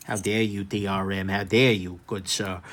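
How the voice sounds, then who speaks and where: A man's voice: low voice, steady tone, normal speed, a bit bright, slight background noise, pitched below the performer's own voice. A man doing a mock-outraged buyer. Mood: mock outrage. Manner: theatrical indignation.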